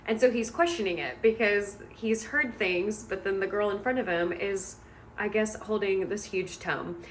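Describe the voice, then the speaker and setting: A woman's voice: mid-range voice, slight background noise. A woman book vlogger retelling a story she is reading, in a chatty, amused way with many hedging asides.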